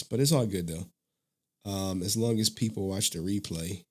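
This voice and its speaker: A man's voice: fairly low pitch, moderate pace. A man hosting a casual live stream who talks to his chat in a loose, rambling way and laughs often. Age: adult father of a young child.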